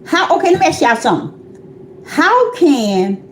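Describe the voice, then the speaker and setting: A woman's voice: sits high, sing-song, a little slow, reverberant, a little hiss or hum. A woman calling herself a prophetess, preaching an informal livestream sermon in a chatty, repetitive way that speaks straight to her listeners. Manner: conversational, repetitive, addresses listeners directly. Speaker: self-described prophetess preaching.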